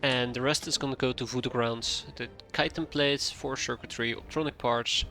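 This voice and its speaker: A man streaming a strategy game live, chatting casually to himself as he plays, with quick asides. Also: medium pitch, fairly even intonation, sharp tone. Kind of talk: casual live gameplay commentary. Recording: faint game music behind.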